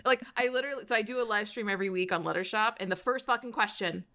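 A woman's voice: mid-range voice, fast, pushed and bright. A young American woman hosting a podcast, chatting casually and ranting with plenty of swearing. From United States. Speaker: podcast host. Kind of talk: casual chat.

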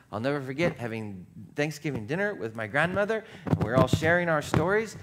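A man's voice: fairly high pitch, very animated, fairly quick, few pauses, a little hiss or hum. A male pastor preaching a sermon in a conversational, self-deprecating way, using playful repetition and humor. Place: church sanctuary.

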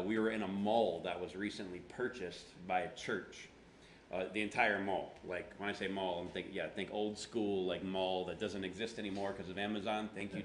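A man preaching a conversational sermon, telling stories with self-deprecating humor and acting out his own past words. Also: fairly low pitch. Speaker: pastor. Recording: roomy echo with faint background hum.

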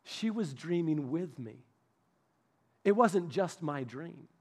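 A middle-aged man preaching from the pulpit with a fairly high voice. He tells his stories with lively humor, often stopping and restarting mid-sentence. His tone stays conversational, as if chatting with his congregation. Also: slow. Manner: animated personal storytelling with restarts and humor. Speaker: pastor. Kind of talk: sermon.

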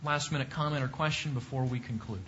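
A man's voice: medium pitch, fast, fairly bright tone, highs cut off, a little hiss or hum. A man teaching a Bible class, preaching emphatically and repeating points with rising questions.

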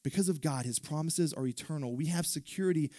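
A man's voice: fairly high pitch, fast, mellow, no room sound, clean studio sound. A man pastor preaching a sermon in a conversational manner, with asides to the congregation.

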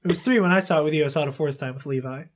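A woman's voice: low-pitched, rapid-fire. Chatty lady podcast host, talks easy with a kid guest, lots of restarts and laughs. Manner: chatty, laughs often, repeats and restarts a lot. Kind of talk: casual chat interviewing a child guest.

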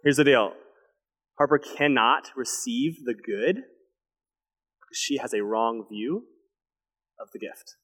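Animated young male pastor, reverberant hall. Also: medium pitch, slow pace, long pauses. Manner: animated storytelling, drops to a hushed intense voice. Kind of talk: sermon. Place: church sanctuary.

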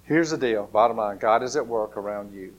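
A man preaching a storytelling sermon, swinging between loud bursts and hushed, near-whispered lines. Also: on the low side, fairly quick.

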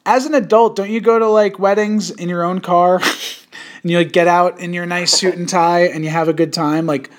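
Young male podcast host with a high voice, crude and jokey, loose casual delivery. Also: steady tone, normal speed. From suburbs of New York City. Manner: crude joking, puts on an old-timey voice.

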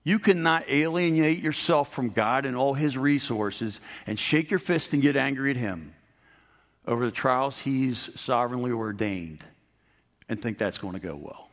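A middle-aged man delivers a sermon with earnest conviction, his voice sitting in an ordinary middle register. He lifts his pitch and volume to drive home key points. His words ring out with a long reverb, as in a large hall. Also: moderate pace. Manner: earnest preaching, rising emphasis on key points. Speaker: pastor.

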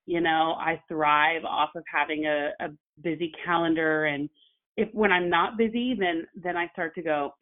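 Woman, low voice, phone-line sound, chatty guest, lively storytelling with lots of ums. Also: unhurried. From Oklahoma. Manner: animated storytelling with many fillers. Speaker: guest, actress and journalist. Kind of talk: casual conversation.

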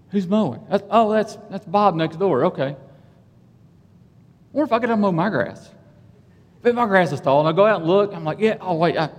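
Man preacher, conversational sermon, lively pitch, slightly high voice, long hall reverb. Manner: conversational, self-deprecating, animated storytelling.

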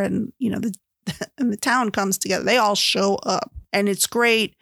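A woman's voice: medium pitch, fairly even intonation, brisk, creaky, a bit bright, no room sound, clean studio sound. A woman, chatting casually as she compares a book and its movie, retelling scenes with lots of filler words. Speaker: book reviewer. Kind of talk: casual chat.

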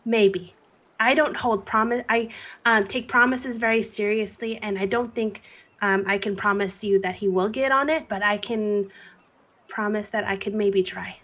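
Bright-voiced hesitant woman player. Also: mid-range voice, steady tone, normal speed. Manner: hesitant, giggly. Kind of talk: tabletop role-play.

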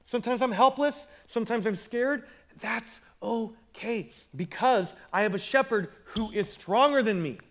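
A man's voice: sits high, measured pace, voice pushed up. A man voicing a young shepherd who talks humbly to God, earnest and wondering. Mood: awed.

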